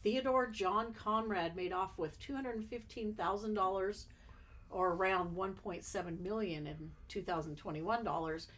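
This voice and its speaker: A woman's voice: medium pitch, moderate pace, a bit bright. Woman reading odd news on a podcast. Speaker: podcast co-host. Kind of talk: casual news chat.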